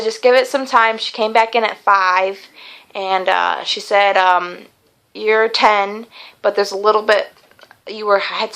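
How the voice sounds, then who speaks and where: A woman's voice: mid-range voice, a bit bright, poor audio. Chatty young woman vlogging. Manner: chatty and rambling, many fillers and restarts. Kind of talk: casual vlog storytelling.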